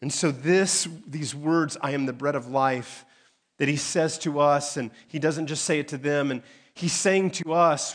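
A pastor preaches a sermon in a slightly high voice at a somewhat slow pace. He speaks to his congregation in a conversational, direct way, moving between emphatic peaks and quiet asides.

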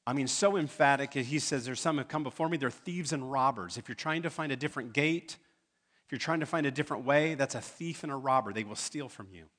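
A man's voice: medium pitch, a little fast, fairly bright tone. A man preaching a sermon as pastor, emphatic, building to urgent pleas.

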